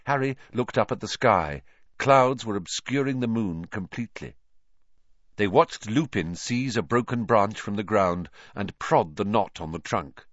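A male audiobook narrator with a mid-pitched voice that rises and falls in a lively, animated storytelling style. The recording is dry and close, with a slightly dull, muffled top end. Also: a little slow, no echo. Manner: expressive, animated reading.

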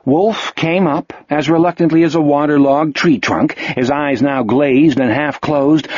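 A man reading an audiobook in steady scripted narration. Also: on the high side, no room sound, highs cut off.

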